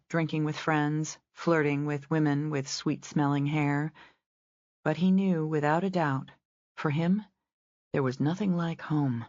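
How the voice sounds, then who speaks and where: Low-voiced woman reading a novel. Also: dry recording, dull audio. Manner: measured storytelling reading. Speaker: audiobook narrator. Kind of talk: scripted narration.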